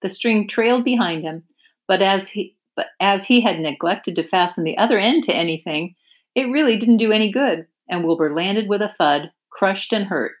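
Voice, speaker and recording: A woman teacher reading a children's chapter book aloud with clear, expressive narration. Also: mid-range voice, normal speed. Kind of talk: storybook read-aloud.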